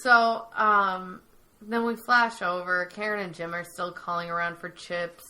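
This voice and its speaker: A woman co-hosting a podcast, retelling TV scenes in a casual, animated way and putting on voices for the characters. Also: fairly low pitch, measured pace. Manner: animated retelling, acting out quoted lines. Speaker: podcast co-host. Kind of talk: casual recap chat.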